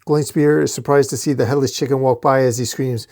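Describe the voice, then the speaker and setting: A man narrates a fantasy comic aloud in a casual, unpolished way, at a mid pitch. He talks the action through plainly and now and then uses fillers. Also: steady tone, fast, a little mellow. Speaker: comic reader.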